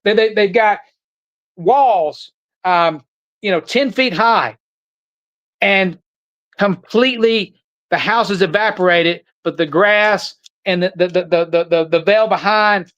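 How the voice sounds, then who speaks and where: A man's voice: high-pitched, takes it slowly, fairly bright tone, highs cut off. An older man, a podcast guest who talks urgently and keeps stumbling over repeated words. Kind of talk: podcast conversation.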